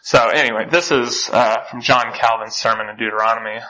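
A man's voice: mid-range voice, steady tone, brisk, sharp tone, a little hiss or hum, low-quality recording. A man teaching a church class, reading passages aloud and commenting with frequent fillers. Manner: reads quotations aloud with many fillers.

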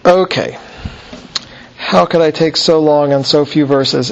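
A man teaching a Bible class in a measured lecture style, slowing down to stress key phrases. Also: on the high side, creaky. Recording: dull lo-fi lecture recording.

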